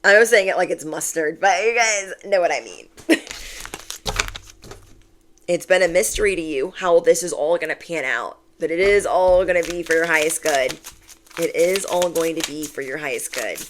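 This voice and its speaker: Low voiced lady doing tarot chat, lively, repeats stuff, little faint hiss behind. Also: normal speed. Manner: chatty and animated, acts out quoted voices; reassuring, repeats key phrases. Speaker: tarot reader. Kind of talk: casual tarot reading to camera.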